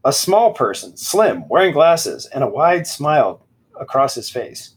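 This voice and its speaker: A man chats loosely on a podcast, reading lines from a book with sarcastic, put-on drama. His voice is husky and a bit breathy. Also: medium pitch, sing-song, unhurried. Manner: sarcastic, reads passages aloud with mock dramatic voices. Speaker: podcast co-host. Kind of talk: casual mocking book review chat.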